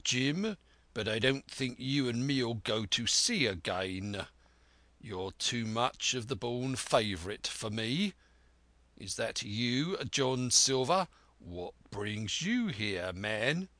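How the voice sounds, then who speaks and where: Brief: gruff older sea captain, slow and measured, dry close sound, read by a male narrator. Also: mid-range voice, expressive, pushed and bright, dry recording. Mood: stern. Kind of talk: audiobook character voice.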